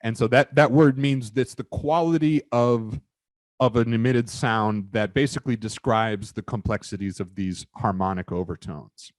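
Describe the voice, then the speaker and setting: A man giving a recorded lecture, explaining in a halting way with many fillers and restarts. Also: mid-range voice, no room sound.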